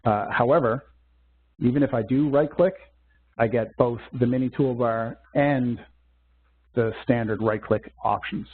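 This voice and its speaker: A man teaching a software demo in a webcast, walking through steps methodically with small fillers. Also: mid-range voice, unhurried, slightly rough. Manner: methodical step-by-step explaining with fillers. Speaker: software instructor. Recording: tinny phone-like webcast audio.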